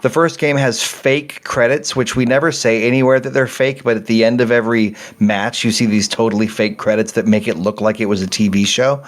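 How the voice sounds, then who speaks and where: A man's voice: mid-range voice, steady tone, fairly quick, hardly any pauses. Man, middle-aged, game developer, casual podcast talk, rambling, self-correcting.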